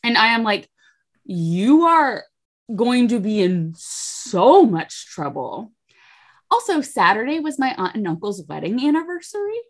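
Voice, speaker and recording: A woman's voice: fairly high pitch, big pitch swings, unhurried. A young woman co-hosting a casual chat podcast, telling gossipy stories about her family and acting out what each person said. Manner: gossipy storytelling, acts out quoted voices. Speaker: podcast co-host.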